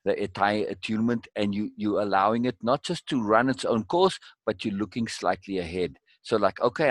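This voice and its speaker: A man hosting a live group discussion, eager and quick to chime in with agreement. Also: fairly low pitch, dry recording. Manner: eager, often breaks in with agreement. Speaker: discussion host.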